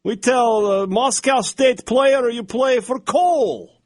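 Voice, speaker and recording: A man's voice: extremely high pitch, darkish tone, no room sound, clean studio sound, voice pushed up. A man putting on a hammy Soviet Russian man. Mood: mock-boastful. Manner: exaggerated put-on Russian accent, slow and deliberate. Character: gruff Soviet-era Russian man, boastful.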